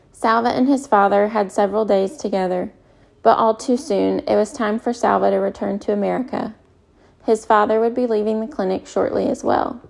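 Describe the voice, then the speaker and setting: Audiobook narrator: woman, measured, mellow, gravelly. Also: medium pitch. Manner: calm, measured storytelling. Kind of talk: scripted narration.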